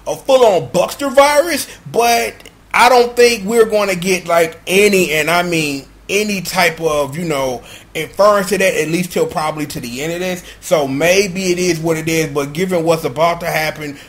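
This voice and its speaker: A man's voice: sits high, a bit bright. A man casually recapping a show episode, rambling in slang and acting out the scenes. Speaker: episode commentator.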